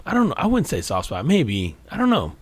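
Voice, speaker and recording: A man's voice: fairly high pitch, a little fast, slightly rough, no room sound. A man co-hosting a podcast, telling stories in casual chat, laughing often and calling his friend "bro". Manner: animated storyteller, says "bro" a lot, laughs often. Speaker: podcast co-host.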